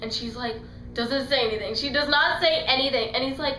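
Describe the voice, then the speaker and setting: A woman's voice: high-pitched, a little fast, sharp tone, roomy sound, slight background noise, low-quality recording. A young woman giving a casual, gushing fangirl movie review, rambling and acting out the scenes she retells. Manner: gushing, rambling, acts out scenes in quoted voices. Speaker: book and film reviewer.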